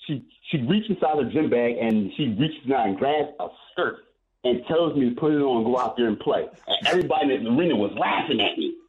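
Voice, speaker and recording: A man's voice: medium pitch, a little fast. Rambling male caller on a tinny phone line. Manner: rambling, repeats himself, animated storytelling. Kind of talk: telling a story on a phone call.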